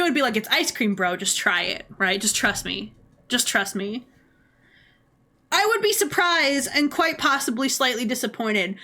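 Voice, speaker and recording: Young woman streamer, bright and a bit high, animated casual commentary with frequent laughs.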